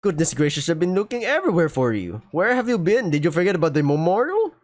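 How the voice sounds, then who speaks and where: A man voicing a stern, fussy woman school principal who scolds briskly while reading a visual novel aloud. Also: sits high, big pitch swings, voice pushed up. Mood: scolding.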